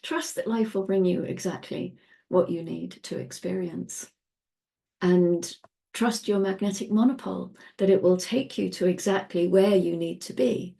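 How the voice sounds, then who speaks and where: Mellow-voiced woman teaching in soft, laughing asides. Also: on the low side, gravelly. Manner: relaxed, laughs often, drops into soft near-whispered asides. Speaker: human design teacher. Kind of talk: casual teaching monologue.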